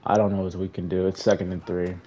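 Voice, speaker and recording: A young man with a low, mellow voice talks through his football video game as he plays. He groans at his players on screen, and flat, tired sighs break up his outbursts. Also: fast, slight background noise. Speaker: gaming YouTuber. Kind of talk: casual gameplay commentary.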